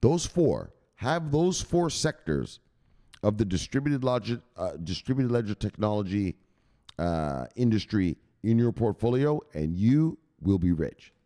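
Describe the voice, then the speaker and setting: A man hosting a crypto news show as a casual livestream, hyped and profane, shouting out viewers. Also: fairly low pitch, very animated, a little slow. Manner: talks straight to viewers, gives shout-outs. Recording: echoey room with long reverb.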